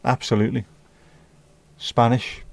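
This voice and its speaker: A man's voice: mid-range voice, flat delivery, measured pace, vocal fry, no echo. A British man hosting a casual livestream, reading out viewer comments and chatting about them in an opinionated, mildly profane way. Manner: reads viewer comments aloud and riffs on them. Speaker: livestream host.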